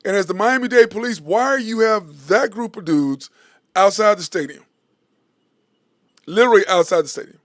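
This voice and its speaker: A man with a high voice hosts a sports talk show and delivers a blunt, heated monologue, swearing as he goes. The recording is dry and close, with no room around him. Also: moderate pace, long pauses, no room sound. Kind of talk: opinionated monologue.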